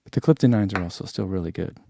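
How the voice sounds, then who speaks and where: A man's voice: low voice, fast, creaky, mellow, dry recording, clean studio sound. A man who reviews running shoes, chatting casually through an unboxing and thinking aloud with lots of fillers.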